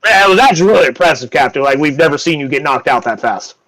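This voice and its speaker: A man narrating a tabletop game as game master, voicing nervous crew members in quick lines. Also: a little high, animated, a bit bright, rough recording.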